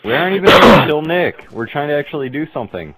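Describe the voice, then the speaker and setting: A young man chatting quickly while gaming with friends, trying to keep the group on task. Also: a little high, big pitch swings, very noisy. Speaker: gamer. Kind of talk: casual gameplay banter.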